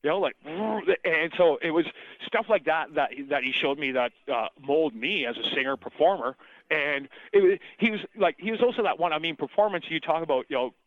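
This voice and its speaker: A man's voice: fairly high pitch, animated, fairly quick, no room sound. A middle-aged man, a singer, telling his story in a casual interview, rambling and swearing freely with lots of restarts. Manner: rambling, profane, restarts often. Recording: tinny phone-line sound, dry.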